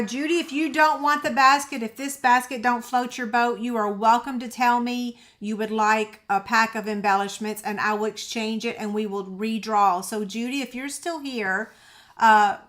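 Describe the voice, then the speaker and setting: A woman's voice: fairly high pitch, steady tone, normal speed, fairly bright tone. A middle-aged woman, hosting a crafting livestream and chatting casually with viewers by name.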